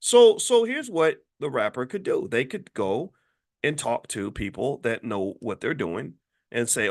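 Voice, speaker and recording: A man's voice: medium pitch, very animated, a little slow. A middle-aged man delivering an emphatic opinion monologue as a commentator, with his voice climbing sharply when he mocks others.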